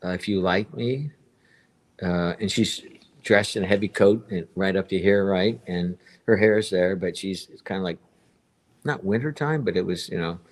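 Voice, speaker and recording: A man's voice: sits low, normal speed. A man in his fifties telling a long personal story on a live stream, rambling and circling back to repeat himself.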